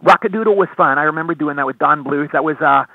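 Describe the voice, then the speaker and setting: A man, an actor and voice actor, telling quick, excitable stories in a casual interview, full of restarts. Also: a little high, creaky, dry recording, phone-quality sound. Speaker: actor and voice actor, guest.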